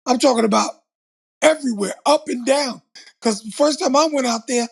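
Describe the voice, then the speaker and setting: A man's voice: very high-pitched, normal speed, gravelly, breathy edge. An older man from Long Island, New York, telling stories in a casual conversation and animatedly acting out the voices he quotes. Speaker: co-host, former TV host.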